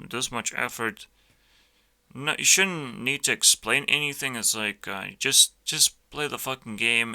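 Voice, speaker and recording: Slow, profane ranting man. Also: lowish voice, vocal fry, bright, forceful tone. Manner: blunt, profane, full of fillers and restarts. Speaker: youtuber reacting to videos. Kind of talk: casual ranting commentary.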